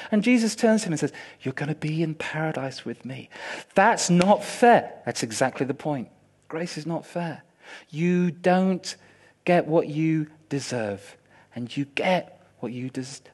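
A man preaching with a fairly high voice and lots of drama. He drops to a near hush, then builds to loud, fervent peaks. A colors his delivery. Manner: swings from hushed to loud, impassioned and dramatic. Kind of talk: sermon.

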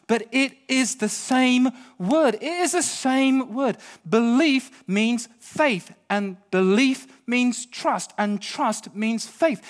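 A middle-aged British man preaching a sermon, swinging between hushed storytelling and impassioned pleading. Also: very high voice.

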